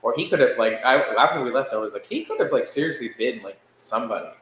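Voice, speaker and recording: A man co-hosting a podcast, telling a story in a casual, animated way and laughing as he acts out what others said. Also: medium pitch, fast, slight background noise. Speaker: podcast co-host. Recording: echoey room with faint ambience.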